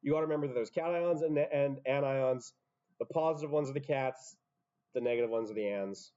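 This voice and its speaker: A man's voice: mid-range voice, a little fast, warm tone. Muffled chemistry teacher, man lecturing. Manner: explains step by step, self-interrupting asides. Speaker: high school chemistry teacher. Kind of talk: classroom lecture.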